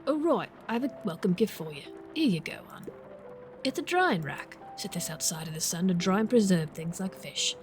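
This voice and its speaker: A woman's voice: fairly low pitch, lively intonation, moderate pace, soft background music, natural voice. A woman voicing Greta, a kind, motherly animal fisherwoman in a farming game, with a homely way of talking.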